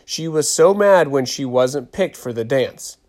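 A man voicing Zemena, a lively, giggly middle-school girl at a sleepover. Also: medium pitch, a little slow, close to an everyday voice.

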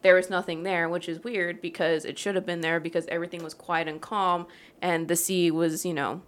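In a lowish, flat voice at a fairly quick clip, a female podcast host reads a legend aloud. It's a laid-back storytelling chat full of jokes, curses and laughs.

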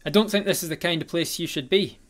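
A man voicing a mysterious robed, hooded stranger who talks loudly and politely. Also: fairly high pitch, quick pace, pitched above the performer's own voice, lightly acted. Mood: warning. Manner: polite, loud, formal.

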